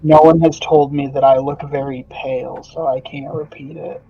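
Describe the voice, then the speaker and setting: A man playing a tabletop game talks hesitantly, with many fillers, in a medium-pitched, gravelly, husky voice. His delivery is flat at a normal speed, and the stream audio is dull and lo-fi.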